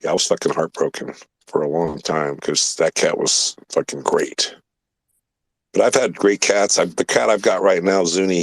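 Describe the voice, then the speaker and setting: A man's voice: deep voice, dry recording. A man hosting a casual talk show, telling a rambling story full of swearing and emphatic asides. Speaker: podcast host.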